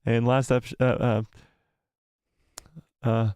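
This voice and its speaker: A man's voice: medium pitch, moderate pace, a little mellow, no echo. Guy live streaming, all hyped and breathless, keeps repeating stuff, dry close sound. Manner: breathless, swearing, repeating himself. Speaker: host of a live watch party stream. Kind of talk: excited live-stream chat, reading viewer comments.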